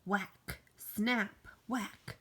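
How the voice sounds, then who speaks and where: A woman's voice: mid-range voice, fairly even intonation, extremely slow, a bit bright, a little hiss or hum. A woman teacher expressively reading a graphic novel aloud, voicing its sound effects.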